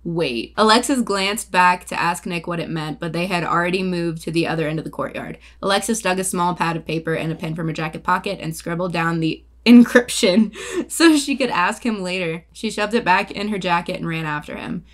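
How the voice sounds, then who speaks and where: A young woman reads from a novel she wrote, in an easy, conversational way, stopping to laugh at her own lines. Her voice sits a little low. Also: steady tone, fast talker, hardly any pauses, a bit bright. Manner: reads plainly, breaks off to laugh and joke about her writing. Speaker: author reading her own early novel. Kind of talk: casual read-aloud with asides.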